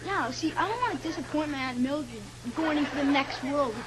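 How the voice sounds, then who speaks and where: Nervous, pleading prisoner. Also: female voice, sits high, animated, a little fast, a loud crowd. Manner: pleading and protesting. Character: chatty, nervous condemned prisoner who keeps interrupting.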